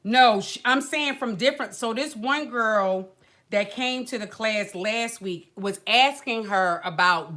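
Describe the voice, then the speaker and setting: Brief: woman livestream host, bright tone, chatty venting with lots of acted quotes. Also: a little high, normal speed. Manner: animated, colloquial storytelling with acted quotes and sighs. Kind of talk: casual chat, venting story.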